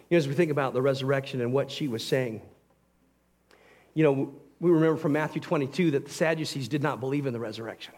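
A man preaching a sermon as pastor, earnest and emphatic, swinging between loud passages and quiet ones. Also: mid-range voice, quick pace.

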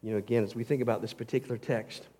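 A man preaching a sermon as pastor, earnest and emphatic, swinging between loud passages and quiet ones. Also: mid-range voice, fairly even intonation, rapid-fire, slightly rough.

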